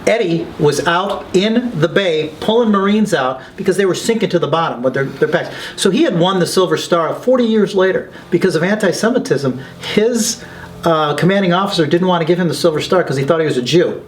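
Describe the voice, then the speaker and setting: A man's voice: high-pitched, fairly quick, a little hiss or hum. A man being interviewed as a documentary filmmaker, telling stories with lots of energy and acting out the people he quotes. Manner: excited, quotes people in lively voices. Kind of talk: animated interview storytelling.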